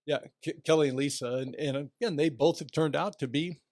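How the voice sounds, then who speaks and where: Older man telling lively stories, dry studio sound. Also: a little high, a little fast, dry recording. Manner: animated anecdotes, acts out quoted voices. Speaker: guest, retiring athletic director. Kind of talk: casual storytelling interview.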